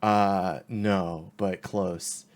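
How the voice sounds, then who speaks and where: Man, game master, slow, halting, lots of fillers, laughs often. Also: deep voice, steady tone. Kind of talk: narrating a tabletop game.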